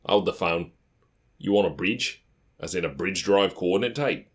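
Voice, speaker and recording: A man's low, husky voice, at a normal pace, brings to life a jovial tape dealer in an audiobook. The character is cheerful and streetwise, has a faint accent, and speaks in a friendly, conspiratorial manner.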